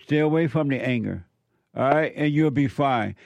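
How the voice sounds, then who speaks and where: A man hosting a call-in radio show, giving slow, repetitive advice to callers. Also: medium pitch, vocal fry, a little mellow, no room sound.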